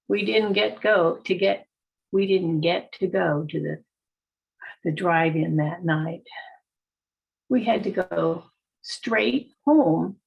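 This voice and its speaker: An older woman telling a childhood story aloud at a storytelling gathering, lively and exclaiming in sudden high bursts. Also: vocal fry, slightly rough, lo-fi sound. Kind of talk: live oral storytelling.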